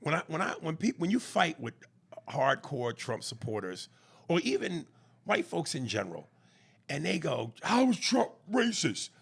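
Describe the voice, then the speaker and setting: A man's voice: on the high side, gravelly, a bit bright, husky. A man co-hosting a podcast in casual chat, blunt and profane, punching his key words hard. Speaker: podcast co-host.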